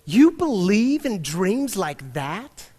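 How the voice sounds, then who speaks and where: A man playing a suspicious police officer who questions and mocks a stranger, loud and challenging, in a hall with long reverb. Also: sits high, very animated, slow, pitched above the performer's own voice, heavily acted. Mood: mocking.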